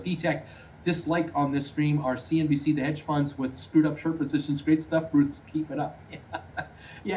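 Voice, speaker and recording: A man talks through the stock market live, reading out viewer comments in a brisk, plainspoken manner and stumbling over fillers. His voice sits a bit high for a man. He sounds distant from the mic, with clear noise behind him. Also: darkish tone. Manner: brisk, plainspoken, hesitant with many "uh"s.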